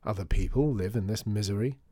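A man's voice: medium pitch, animated, normal speed, warm tone, no room sound, voice pushed up, close to an everyday voice. A man voicing a gloomy, mournful neighbour heard through a door in a storybook, dry and sardonic. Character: gloomy unseen neighbour, mournful then curious.

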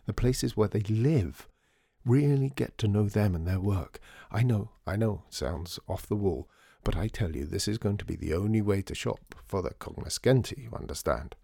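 A man voicing a charming, smooth-talking showman in a storybook reading, theatrical and persuasive. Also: fairly low pitch, dark tone, no echo, studio quality.

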